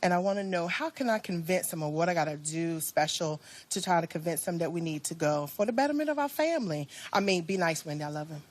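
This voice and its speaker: A woman's voice: on the low side, quick pace, few pauses. A middle-aged woman from Virginia's Eastern Shore, chatty and joking as she asks a talk show host for advice. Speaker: audience member asking advice. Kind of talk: casual chat. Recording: studio audience and noise behind.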